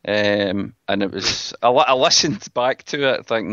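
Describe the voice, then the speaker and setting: Gravelly Scottish man hosting a podcast. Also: fairly low pitch, normal speed, a bit bright, no room sound, dull audio. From Scotland. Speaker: podcast host. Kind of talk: casual chat.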